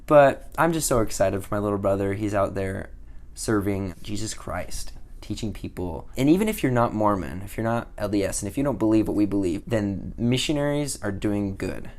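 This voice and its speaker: A young man recounting a story for his video channel. He keeps jumping between hushed whispers and loud, excited bursts as he acts out the tense moments. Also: on the low side, normal speed. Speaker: vlogger telling a mission story. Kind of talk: animated storytelling to camera.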